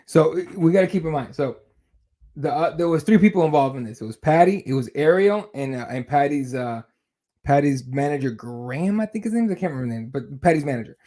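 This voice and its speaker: Male podcast co-host, rambling and profane, somewhat high voice. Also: lively intonation, fast talker, dark tone. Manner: rambling, many fillers and restarts, swears. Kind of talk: casual chat.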